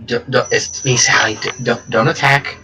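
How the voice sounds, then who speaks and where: A man's voice: medium pitch, slow. A man voicing an invisible young woman adventurer, whispering urgently and stammering as he speaks. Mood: hushed urgent. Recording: distant mic, faint music.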